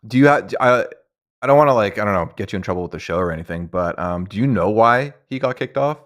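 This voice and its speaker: A young man hosting a casual streamed interview, relaxed and rambling, with lots of "like" and easy laughter. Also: lowish voice, fast talker. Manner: laid-back, rambling, frequent "like". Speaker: stream host.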